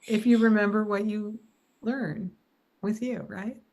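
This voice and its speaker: A woman's voice: mid-range voice, steady tone, a little slow, darkish tone, slight background noise. A woman hosting a casual conversation, chatty and encouraging, telling anecdotes. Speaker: podcast host.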